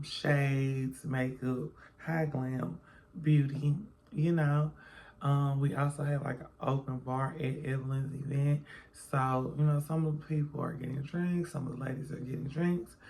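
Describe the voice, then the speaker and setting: A man's voice: medium pitch, vocal fry, a little mellow, a little hiss or hum. A man recapping a reality TV episode in a chatty way, calling viewers y'all and baby, sleepy and yawning at home in the early morning. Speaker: reality TV reviewer. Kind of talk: casual recap vlog.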